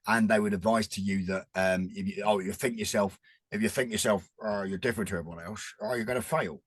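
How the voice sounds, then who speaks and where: A man's voice: on the low side, fairly even intonation, fast talker, husky, no echo. A man, talking earnestly and rambling in a casual chat as a podcast guest. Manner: rambling, restarts often, earnest.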